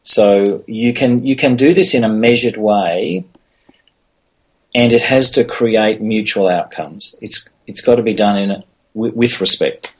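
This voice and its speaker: A man's voice: on the low side, a little slow, slightly rough. A man talking earnestly as a guest in an interview, with frequent restarts. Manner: earnest, many restarts and "you know". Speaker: podcast guest. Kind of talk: casual interview talk.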